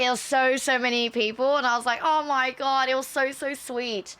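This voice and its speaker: A woman streamer chatting casually to her viewers, excitable and swearing freely. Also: sits high, brisk, few pauses, smooth. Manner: excitable, swears a lot, talks straight to chat.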